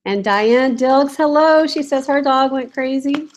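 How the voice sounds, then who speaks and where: A chatty woman with a slightly high voice, talking casually to viewers on a live stream from home. She giggles often and reads comments aloud as she goes. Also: a little slow, low-quality recording. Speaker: reseller vlogger. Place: home, in a room with barking dogs.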